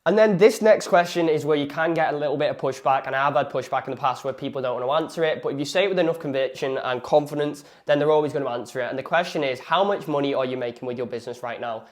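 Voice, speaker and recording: A young man in a casual, fast instructional talk, coaching on sales calls with lots of conversational fillers. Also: a little high. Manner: fast, conversational, full of "you know" fillers.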